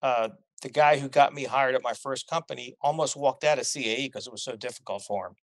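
Brief: middle-aged male guest spinning lively anecdotes, mid-pitched, dry and close. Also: quick pace, dry recording. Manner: animated storyteller, laughs at his own tales. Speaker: guest, corporate pilot. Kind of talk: casual storytelling chat.

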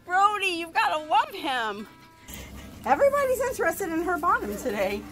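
Gushing high-voiced woman with music behind. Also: sing-song, takes it slowly, fairly bright tone, rough recording. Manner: gushing, cooing at puppies, laughing often. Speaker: dog owner vlogger. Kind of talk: casual home video chat. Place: outdoors in a yard.

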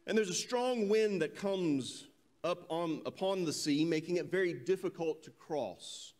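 A male preacher giving a sermon, telling a scripture story with animated delivery and reading verses slowly and solemnly. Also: a little high. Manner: animated storytelling, voices quoted characters.

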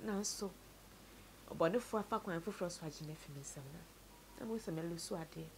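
A Ghanaian woman telling a sad story from her own life, mixing Twi and English, her voice often sinking low and quiet. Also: fast, a little hiss or hum. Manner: tells a sad story, switches between Twi and English, voice sinks low and soft. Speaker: interviewee. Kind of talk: personal story told to camera.

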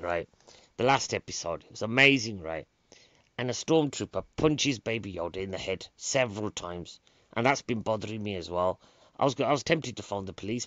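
Low-voiced man, deadpan comic rambling. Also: no echo. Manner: chatty and deadpan, drifting into mock outrage. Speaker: stand-up comedian and event promoter. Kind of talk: rambling comic podcast monologue. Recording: dry, dull lo-fi sound.

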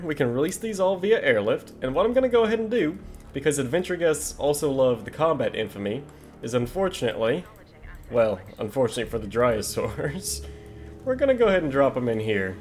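A man hosting a casual video game commentary, excitable and jokey as he talks to his viewers. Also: a little high. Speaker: gaming video host.

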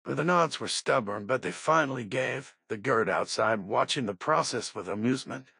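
Male audiobook reader, slightly husky tone, dry close sound, steady narration. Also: mid-range voice, moderate pace, dry recording. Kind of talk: scripted narration.

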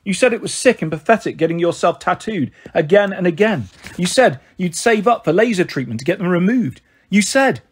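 A blunt, sensible teenage girl, voiced by a man reading a storybook. She talks in a plain, reproachful way, her voice slightly husky and a touch high. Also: big pitch swings, brisk, full character voice.

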